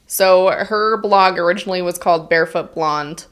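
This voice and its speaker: A woman's voice: on the low side, normal speed, fairly bright tone, clean tone. A woman co-hosting a podcast in casual chat, reading from an article with frequent ums and likes. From Utah, United States. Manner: chatty, frequent "um" and "like". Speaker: podcast co-host.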